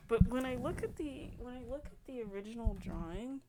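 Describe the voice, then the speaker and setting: A woman's voice: a little high, expressive, a little fast, heavy background noise. A woman giving casual gameplay commentary, thinking aloud and hesitating as she sets up a character. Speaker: gaming video creator.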